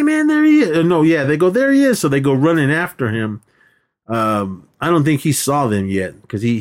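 A man co-hosting a podcast, retelling a movie plot in a rambling, casual way with many restarts. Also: fairly low pitch. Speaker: podcast co-host. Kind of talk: casual chat.

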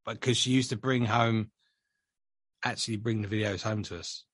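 A man's voice: on the low side, steady tone, moderate pace, a bit bright, no room sound, studio quality. A man reminiscing enthusiastically in a casual chat, often ending on tag questions.

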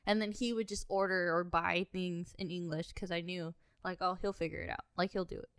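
A young woman co-hosting a casual chat, an animated storyteller who laughs often and acts out the people she quotes. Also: lowish voice, a little fast, clear, resonant tone, no echo, studio quality.

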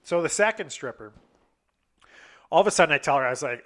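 Young dude rambling thru a story, cussing a lot, voice on the higher side. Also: male voice, quick pace. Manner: rambling, profane, animated quoting of others. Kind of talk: casual storytelling.

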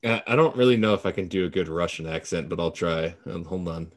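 A man's voice: low-pitched, steady tone, fast talker. A man co-hosting a casual movie-review podcast, teasing the others dryly and laughing often. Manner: dry teasing with frequent laughter. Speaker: podcast co-host.

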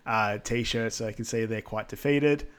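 A man's voice: lowish voice, normal speed, a bit bright, clean tone. A young man co-hosting a podcast, recapping a film in a rambling, casual way full of ums. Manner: rambling, filler-heavy storytelling. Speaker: podcast co-host.

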